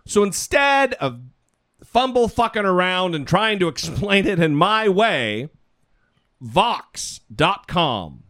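Lively high-voiced man hosting a podcast. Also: takes it slowly. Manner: chatty, rambling, swears casually. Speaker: podcast co-host. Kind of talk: casual political podcast chat. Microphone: studio mic.

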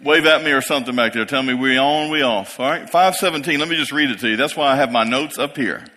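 Man in his 50s preaching in a big church, bright voice with long hall echo, keeps asking the crowd "yes?". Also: mid-range voice, fast talker. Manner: preaching, rising to emphatic peaks, asks congregation "yes?". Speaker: pastor. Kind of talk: sermon. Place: church sanctuary. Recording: long reverb of a large hall.

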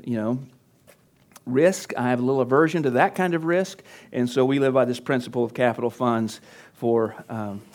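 A pastor teaching church leaders at a conference workshop, talking conversationally and getting animated when he acts out his coaching. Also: medium pitch. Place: conference session room.

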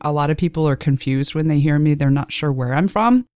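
A woman's voice: low voice, a little fast, darkish tone, no room sound. A woman from Texas with a faint Texas accent, chatting casually in an interview, laughing often and downplaying herself. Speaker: guest narrator.

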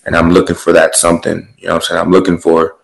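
A man's voice: sits low, monotone, quick pace, vocal fry, rough recording. A man cohosting a podcast, musing in laid-back, rambling casual chat.

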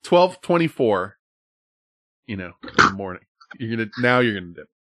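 Male podcast host, loose rambling banter with a bright, lively voice. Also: fairly low pitch, moderate pace, no room sound, clean studio sound. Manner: laughing, rambling, swears freely. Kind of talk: casual chat.

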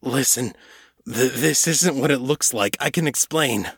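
A man's voice: lowish voice, a little slow, a bit bright, husky, no echo, clean studio sound, heavily acted. A man doing a sneering crooked police sergeant. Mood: shaky, scared. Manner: sneering threats. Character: corrupt male police sergeant, furred beastman, menacing.

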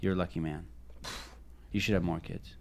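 Low-voiced joking podcast host man. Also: fairly even intonation, vocal fry, darkish tone, slight background noise. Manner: casual, joking, asks rapid follow-up questions. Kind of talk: podcast interview.

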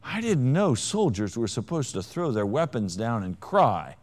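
Animated preacher man, hushed to loud. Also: mid-range voice, measured pace. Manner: dramatic swings between hushed and loud; wry, self-mocking humor. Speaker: pastor. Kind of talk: sermon.

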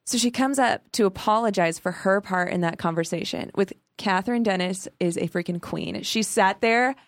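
A woman co-hosting a podcast, chatting in an animated, gossipy way and ranting about a reality show. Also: medium pitch, normal speed, no room sound. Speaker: podcast co-host. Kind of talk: casual chat.

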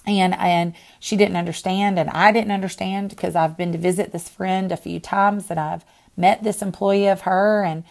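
A woman podcast host and minister telling a personal faith story in an earnest way, with pauses and restarts. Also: on the low side, steady tone, vocal fry, a little mellow.

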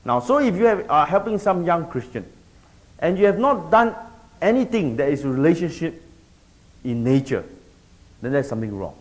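A man's voice: fairly high pitch, normal speed, long pauses. A middle-aged man teaching a group about discipling, often checking in with his listeners. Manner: animated, keeps checking in with the audience. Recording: dull lo-fi recording.

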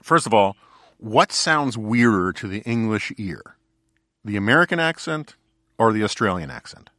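Casual podcast host, dry close sound. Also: male voice, fairly low pitch, sing-song, normal speed, pushed and bright, no room sound. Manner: casual, conversational, filler-heavy questions. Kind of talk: podcast conversation.

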